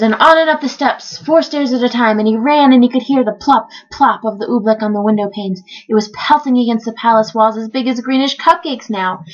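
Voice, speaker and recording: A woman giving a theatrical, lively reading of a children's book. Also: fairly high pitch, highs cut off. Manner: lively storytelling. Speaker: reader.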